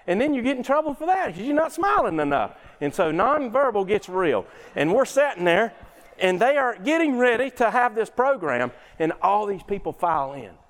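A middle-aged man giving a workplace talk on communication. He tells folksy stories and asks the audience questions. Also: sits high. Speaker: workshop speaker. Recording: hall with long reverb.

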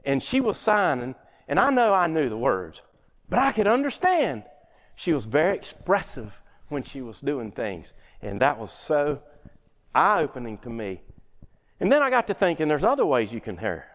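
A man's voice: fairly high pitch, sing-song, moderate pace, fairly bright tone. A middle-aged man giving a workplace talk on communication. He tells folksy stories and asks the audience questions. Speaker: workshop speaker. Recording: hall with long reverb.

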